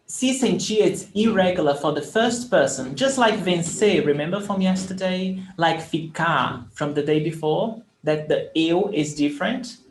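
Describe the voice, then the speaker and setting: A man's voice: fairly high pitch, normal speed, few pauses. A man teaching verbs in a live online lesson, explaining patiently and repeating examples. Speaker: Portuguese teacher. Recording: echoey room, faint background noise.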